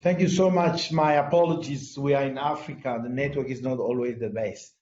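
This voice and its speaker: A man's voice: mid-range voice, fairly even intonation, fairly quick, a little mellow, reverberant, dull audio, a little hiss or hum. A man with a French accent, a native French speaker, speaking on an online panel with many hesitations and restarts over a video call.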